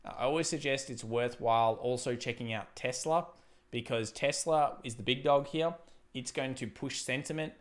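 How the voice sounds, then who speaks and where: A man's voice: mid-range voice, moderate pace. A man hosting a live trading stream, thinking aloud over charts and thanking viewers by name. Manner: reads out viewer donations and thanks them. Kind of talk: live market commentary.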